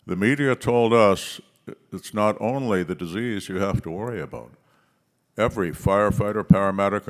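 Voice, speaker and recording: Low-voiced man giving a forceful conference speech. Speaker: conference speaker.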